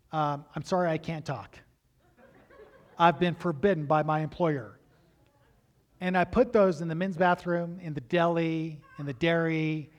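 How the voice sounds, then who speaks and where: A middle-aged man delivers a sermon in a noticeably high voice. He tells stories with lively energy and acts out the dialogue as he goes. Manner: animated storytelling, acts out dialogue. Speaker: preacher.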